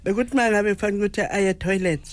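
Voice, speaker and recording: An older woman recounts family stories at a relaxed pace. She breaks into soft chuckles as she speaks, telling her tales in Zulu. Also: medium pitch, rapid-fire, a little hiss or hum. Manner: storytelling, chuckling fondly. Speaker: grandmother of the guest. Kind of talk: interview conversation.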